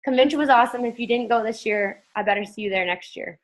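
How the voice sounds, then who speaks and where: A woman's voice: a little high, quick pace. A woman giving a chatty, upbeat training talk to her team, joking about her own math.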